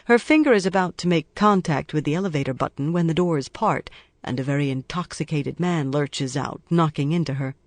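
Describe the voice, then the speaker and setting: Dry, measured audiobook narrator. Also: mid-range voice, dry recording.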